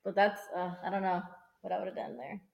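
A woman's voice: medium pitch, little pitch movement, fairly quick, creaky, darkish tone. A woman co-hosting a podcast, chatting casually and backing up her partner with short agreeing replies. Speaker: podcast co-host. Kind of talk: casual chat. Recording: roomy echo.

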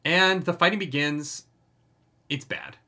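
A man's voice: a little high, slow, bright, forceful tone. A man co-hosting a podcast, chatting casually and animatedly about a novel and swearing freely. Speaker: podcast co-host. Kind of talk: casual book discussion.

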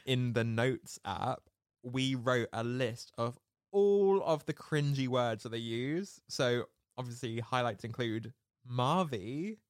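A young woman chatting casually about a film, animated and laughing often. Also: slow, dry recording, studio quality. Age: young adult. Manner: animated, laughs a lot, jumps into high-pitched impressions.

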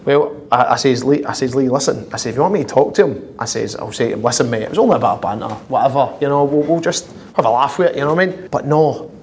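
A man's voice: medium pitch, quick pace, a little hiss or hum. Laughing Scottish man telling stories. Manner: lively, laughing, fond of the repeated "I says". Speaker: interview guest, footballer. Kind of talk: anecdotal storytelling.

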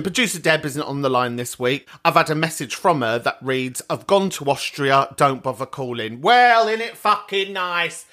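A podcast host with a slightly high, bright and forceful voice delivers a comic monologue. He's sweary and camp, quick to laugh at himself as he mocks his own expense.

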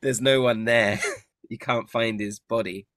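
A man's voice: mid-range voice, fairly even intonation, a little slow, fairly bright tone, no room sound, studio quality. A man narrating a tabletop game as game master, laughing often.

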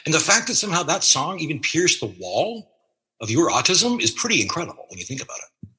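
Husky, animated male podcast host. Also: on the high side, fairly quick. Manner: rambling, effusive, laughs often. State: voice worn from a long day. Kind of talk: casual interview chat.

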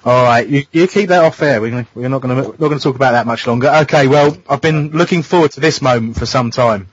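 A man's voice: medium pitch, quick pace, husky, no room sound. A man hosting a casual radio show, teasing his co-hosts. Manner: teasing, jokey. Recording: dull dry lo-fi radio studio sound.

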